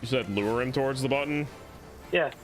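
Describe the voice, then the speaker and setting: A man playing an online game with friends, giving quick short reactions and casual comments. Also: medium pitch, rough recording. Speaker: fellow player. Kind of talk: casual gaming chat. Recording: faint game music behind.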